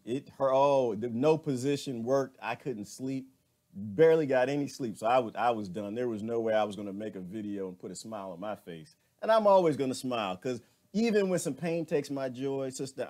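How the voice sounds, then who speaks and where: A man's voice: medium pitch, a little mellow. A man hosting a casual live stream, chatting with viewers and laughing often.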